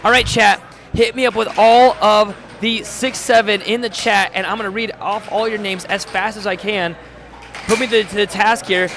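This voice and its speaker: A man with a high, gravelly voice calls the action of a live-streamed match. He fires off short play calls and reads viewer messages aloud, joking as he goes. Steady noise sits under his voice. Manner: rapid play-calling, reads chat aloud, jokey. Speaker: play-by-play commentator. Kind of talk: live-stream sports commentary. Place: home studio.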